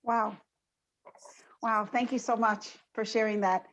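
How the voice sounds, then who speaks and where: A woman with a high voice leads a women's panel, talking informally and animatedly about Torah ideas. The audio has the dull, lo-fi sound of a video call. She tells her points like a storyteller. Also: little pitch movement, slow, slight background noise. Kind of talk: informal Torah talk with a joke.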